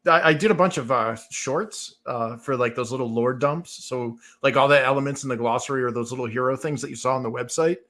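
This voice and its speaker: A man's voice: medium pitch, fairly quick, few pauses, a bit bright. A man, a comic book author, chatting casually as a guest and laughing often. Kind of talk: casual chat.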